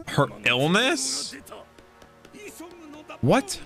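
An excitable young man narrates his own reactions in casual chat. His voice runs high and bright, leaping wildly in pitch from low mutters to shouted outbursts. Faint music plays underneath. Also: unhurried. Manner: excitable, swings into loud outbursts. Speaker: anime reaction host.

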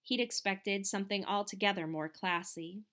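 落ち着いて朗読する女性の語り手. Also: female voice, medium pitch, fairly even intonation, moderate pace, a bit bright. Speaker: audiobook reader. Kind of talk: audiobook narration.

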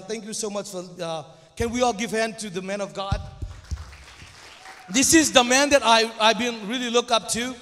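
Young male guest preacher, second-language English speaker (Zomi native), high voice, halting and nervous delivery, long church reverb. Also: fairly bright tone. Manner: hesitant, stumbling and restarting. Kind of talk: church sermon.

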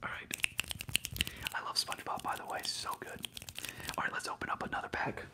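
Whispering young man, excitable and slangy. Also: fairly quick. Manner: excitable, slangy, bursts from whisper to loud hype. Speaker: ASMR streamer. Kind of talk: whispered ASMR card-opening livestream.

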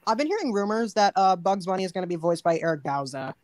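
A casual voice-chat talker who rambles and hesitates and fills pauses with ums and uhs. Medium pitch, close and dry sound. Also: expressive, a little mellow, no room sound. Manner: rambling, hesitant with many fillers.

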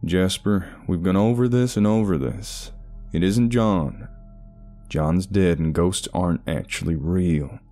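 A man voicing a calm male therapist in a horror story, speaking in a reassuring, gently insistent way. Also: low voice, a little slow, soft background music.

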